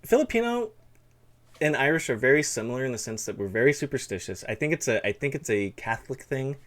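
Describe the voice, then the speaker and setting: A man's voice: mid-range voice, animated, fast talker, fairly bright tone. A man hosting a live stream, chatting in a rambling, casual way and reading chat aloud. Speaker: streamer host.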